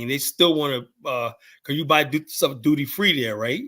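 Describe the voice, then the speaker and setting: An American man telling a story in casual conversation, his voice sitting a little higher than most men's. He swears often and acts out what people said to him. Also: a little fast, few pauses. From United States. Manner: profane, animated storytelling with quoted voices. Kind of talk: casual chat.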